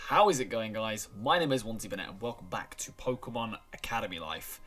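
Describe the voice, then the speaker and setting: A man, hoarse today, chatting casually and apologetically as he opens a let's-play video. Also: fairly low pitch, expressive, fairly quick, few pauses, fairly bright tone, soft background music. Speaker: gaming YouTuber.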